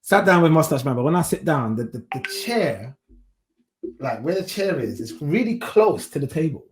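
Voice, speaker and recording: A man's voice: fairly high pitch, normal speed, slight background noise. A man co-hosting a podcast, telling a story in casual chat and acting out the lines of the people in it. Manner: animated storytelling, acts out quotes. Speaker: podcast co-host.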